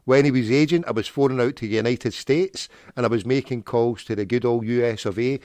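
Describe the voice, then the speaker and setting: A man's voice: mid-range voice, fairly quick, darkish tone, no echo. A man hosting a prank call show, rambling off on tangents with jokey wordplay. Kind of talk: rambling solo talk with prank calls.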